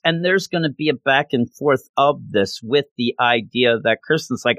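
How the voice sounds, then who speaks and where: A man's voice: mid-range voice, normal speed, hardly any pauses, fairly bright tone, no echo. A man reviewing a comic book in a casual, rambling, passionate way, with lots of fillers.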